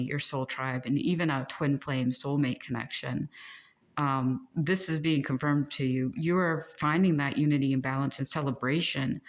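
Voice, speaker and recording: A woman with a low voice gives a casual tarot reading. She is chatty and encouraging, and giggles often between thoughts. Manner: gentle and encouraging. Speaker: tarot reader.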